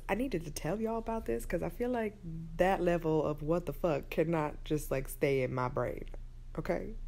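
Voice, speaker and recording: Woman, 20s, lowish voice, gravelly, profane rambling rant, phone at arm's length, bedroom at night. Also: darkish tone. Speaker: vlogger.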